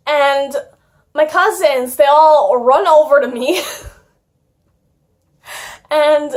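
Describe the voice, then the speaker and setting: A woman's voice: sits high, very slow. A young woman telling a childhood story in a casual vlog, chatty and giggly, with lots of "like". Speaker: YouTuber.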